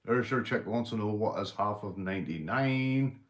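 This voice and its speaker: A Northern Irish man hosting a livestream, telling crude jokes, swearing and shouting out viewers. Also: lowish voice, moderate pace. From Northern Ireland. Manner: rowdy, swearing, joke-telling, reading viewer comments. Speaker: livestream host. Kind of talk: casual livestream chat.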